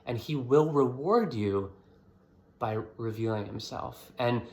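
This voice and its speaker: A man's voice: mid-range voice, takes it slowly, a little mellow. A man giving a casual, earnest devotional talk, rambling with many fillers as he encourages listeners. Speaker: Christian video host.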